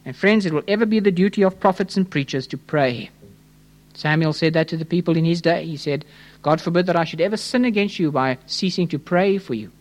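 A man preaching a sermon, fervent and questioning, dropping low and rising to urgent pleas. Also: brisk. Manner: impassioned, swings between hushed low tones and fervent raised pleas; addresses listeners as friends, rhetorical questions.

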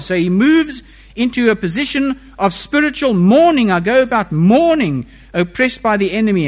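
A man preaching a sermon, reading scripture and explaining it with expressive rises and falls in pitch and volume.

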